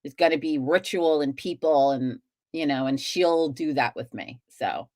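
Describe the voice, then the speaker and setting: A chatty woman hosts a live stream and talks straight to her viewers in a relaxed, rambling way. Her voice sits a little low and she swears freely as she goes. The sound is dry and close, with no room echo. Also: a little slow. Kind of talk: casual chat with viewers.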